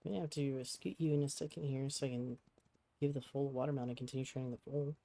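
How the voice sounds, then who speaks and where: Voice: mid-range voice, steady tone, fast, warm tone. A streamer chatting casually at a home desk, talking dotingly to a cat on their lap. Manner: doting, chatty talk to a pet. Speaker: game streamer. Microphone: desk microphone with webcam.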